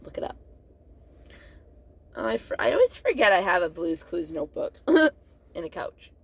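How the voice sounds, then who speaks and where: A woman's voice: fairly low pitch, very animated, normal speed, vocal fry, breathy edge. A woman talking straight to camera in a rambling, profane monologue, often losing her thread and laughing at herself. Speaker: vlogger.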